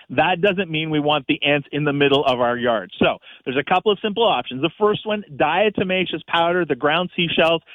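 A man's voice: on the high side, no echo. Upbeat man giving gardening tips over the phone. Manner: practical, upbeat, explains step by step. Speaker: gardening expert guest on call-in radio. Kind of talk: radio Q&A advice. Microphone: phone line. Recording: tinny phone line.

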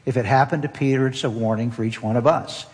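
A pastor preaching a sermon, earnest and emphatic, repeating key phrases for weight. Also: male voice, mid-range voice, steady tone, fast talker. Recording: long hall reverb.

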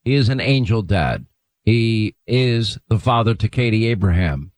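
A man hosting a radio talk show, speaking briskly and emphatically as he sets up his guest. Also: on the low side, lively intonation, dry recording, low-quality recording. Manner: brisk, emphatic, reads quotes aloud.

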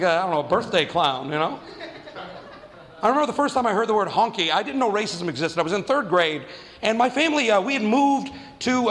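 A man's voice: high voice, fairly bright tone, long reverb tail. A man doing stand-up, telling a casual, profane childhood story and acting out the quotes. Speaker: stand-up comedian.

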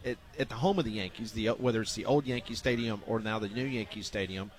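A man's voice: on the low side, quick pace. A man hosting a sports talk radio show, reading scores and stumbling over his words in casual banter. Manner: reads scores and notes, stumbles and repeats.

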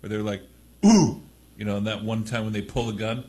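A man's voice: on the low side, little pitch movement, fast talker, a crowd in the background. A man co-hosting a talk radio show, adding brief, laid-back interjections. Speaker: radio co-host. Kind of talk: casual talk radio banter.

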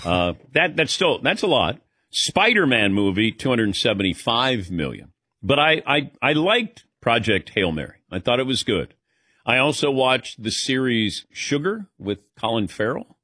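A man hosting casual talk radio banter, telling animated stories and mimicking other people in quotes. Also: mid-range voice, measured pace, breathy edge, no room sound, studio quality. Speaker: radio show host.

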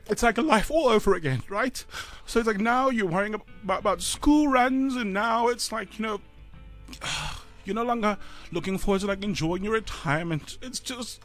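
A South African man in his thirties, a radio co-host, telling a personal story in a halting, choked-up way with sighs and fillers. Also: high-pitched, a bit bright. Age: 30s.

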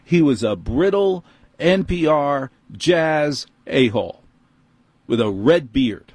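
A man's voice: fairly high pitch, expressive, slow, a little mellow, no echo. A middle-aged man with a New York accent, hosting and telling a personal story in an exasperated, emphatic way.

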